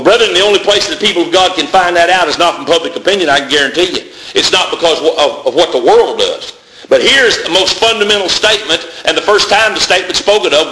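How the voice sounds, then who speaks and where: A man's voice: sits high, bright, forceful tone. A man preaching a sermon, calling his listeners brethren and building long repeated lists, in a church. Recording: echoey room.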